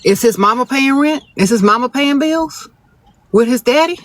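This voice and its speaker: A man's voice: very high-pitched, animated, moderate pace, a bit bright. A man hosting a live phone stream outdoors, reading out viewer questions and giving blunt, sassy, no-nonsense relationship advice straight to the audience. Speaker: advice-giving livestream host. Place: outdoors, birds nearby.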